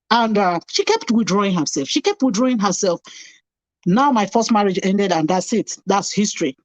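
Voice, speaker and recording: A middle-aged woman tells her own story as a guest in an interview, with a voice of medium pitch. She is animated, acts out old conversations and keeps repeating phrases to stress them. The recording is dry, with almost no room sound. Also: normal speed, dry recording, rough recording.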